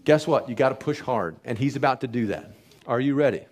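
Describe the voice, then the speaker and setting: A man, a doctor hosting a wellness seminar, giving a lively motivational talk to a live audience and asking them lots of rhetorical questions. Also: medium pitch, a little fast. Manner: energetic, pep-talk style with rhetorical questions.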